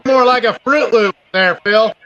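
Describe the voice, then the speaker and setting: A high, bright-voiced man laughs and swears his way through rowdy podcast banter. His voice comes through a dull, lo-fi feed. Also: a little slow. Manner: crude, laughing, teasing. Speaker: podcast host. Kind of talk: casual banter.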